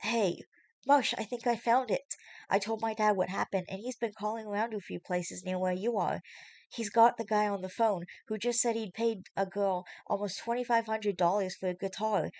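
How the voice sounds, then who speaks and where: A woman's voice: medium pitch, fairly even intonation, moderate pace, a little mellow, no echo, voice pushed up, lightly acted. A woman reads as a caring young woman in a read-aloud story. She sounds anxious and pleading. The recording is dry and close. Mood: eager.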